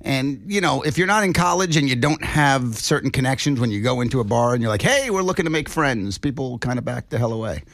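A male host with a gravelly, creaky voice riffs sarcastically through the news. His delivery is jokey and casual. The sound is close and dry, with no room around it. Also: mid-range voice, fast, few pauses, a bit bright, no echo. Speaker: podcast host. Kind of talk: casual comedic news chat.

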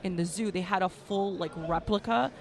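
Laughy woman host chatting casually, a bit of fry in her voice. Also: medium pitch, normal speed. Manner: giggly, animated, laughs often. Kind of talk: casual chat.

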